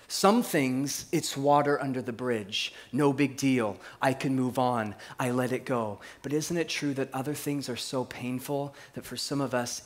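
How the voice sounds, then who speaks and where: A man preaching a sermon, telling stories and swinging between hushed reflection and lively, laughing delivery. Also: on the high side, normal speed, hardly any pauses. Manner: laughs at his own stories. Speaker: pastor.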